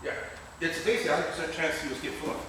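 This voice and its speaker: A man's voice: fairly high pitch, very fast, background noise. A man teaching grappling technique while telling a rambling, profane story, laughing often. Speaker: grappling instructor. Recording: very echoey gym, mic far off.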